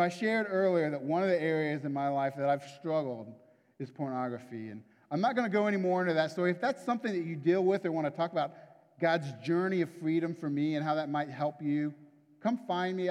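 A man's voice: fairly high pitch, darkish tone. A man preaching a sermon in a conversational, confessional way, often checking in with the listeners. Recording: long hall reverb.

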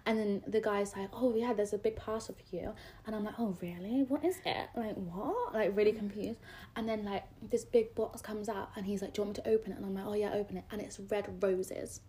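A woman in her twenties co-hosting a casual podcast chat, animated and acting out scenes as she tells stories. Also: mid-range voice, a little fast, slight background noise. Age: 20s. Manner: animated storyteller, acts out scenes. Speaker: podcast co-host.

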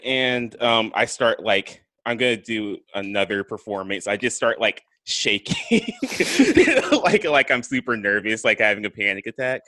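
A young man playing a tabletop game, hesitant and halting, often laughing. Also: lowish voice, big pitch swings, pushed and bright, no room sound. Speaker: player. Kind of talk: casual tabletop play.

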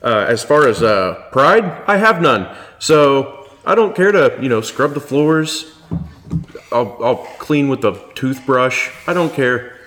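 A man in a party game, pitching himself with self-mocking jokes in an improvised interview. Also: animated, takes it slowly, a bit bright. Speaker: player pitching a job interview. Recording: reverberant room with light noise.

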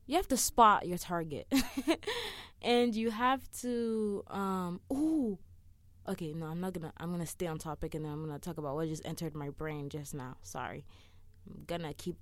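A woman's voice: medium pitch, darkish tone, no room sound. A young woman giving friendly advice in a chatty, rambling way, often laughing and sidetracking herself. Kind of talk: casual talk to camera.

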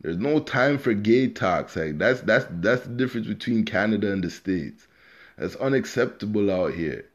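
Low-voiced man hosting a podcast. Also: animated, moderate pace, highs cut off. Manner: loose, slangy, profane, talks straight to listeners. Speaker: podcast host. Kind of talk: casual unscripted podcast monologue.

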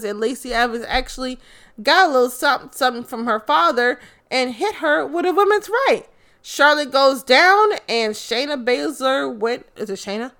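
A young woman recapping wrestling from her apartment, animated and blunt, swearing often. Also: fairly high pitch. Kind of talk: casual profane recap.

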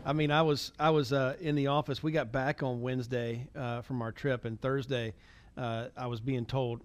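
A man's voice: medium pitch, little pitch movement, normal speed, some chatter behind. A man leading a team call, encouraging and motivational, with many fillers and repeated words.

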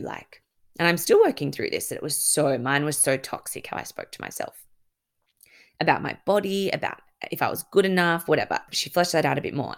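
A woman's voice: sits low, creaky. A young woman hosting her own podcast, telling a personal story in a candid, chatty way, full of fillers and casual swearing. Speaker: podcast host.

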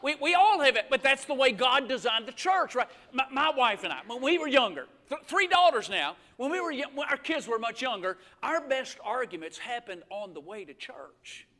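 A middle-aged man preaching a lively, emphatic live sermon in church, telling stories and calling for amens. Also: extremely high pitch, normal speed, hardly any pauses. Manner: storytelling, emphatic, call-and-response. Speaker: guest preacher. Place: church sanctuary.

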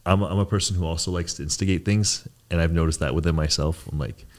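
Deep-voiced man in casual podcast chat. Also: fast talker. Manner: rambling, reflective, often adds "right?". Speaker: podcast co-host.

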